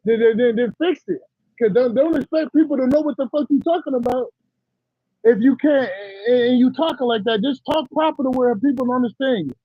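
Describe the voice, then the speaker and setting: Male streamer, very high voice, blunt rambling slang, dry muffled mic. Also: fairly quick, no echo. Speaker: livestream host. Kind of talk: casual livestream chat to viewers.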